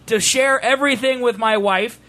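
A man in his thirties co-hosting a livestream, joking and laughing as he chats with a friend and reads viewer messages. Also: very high voice. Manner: joking, animated, quick laughs. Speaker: streamer co-host. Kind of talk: casual livestream banter.

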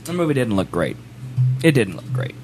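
A man's voice: medium pitch, very animated, normal speed, soft background music. A man casually chatting with a co-host about a movie trailer, joking and laughing often. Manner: laughing, jokey, puts on silly fake British accents. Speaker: podcast co-host.

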